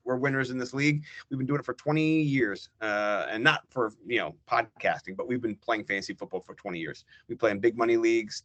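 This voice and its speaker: A middle-aged man, a fantasy football guest on a podcast, ranting in animated, profane casual chat. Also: mid-range voice.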